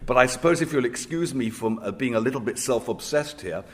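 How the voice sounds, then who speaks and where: A man from Israel, a rabbi, speaking on a panel in a measured, reflective way, with hesitations as he tells anecdotes. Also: medium pitch, animated.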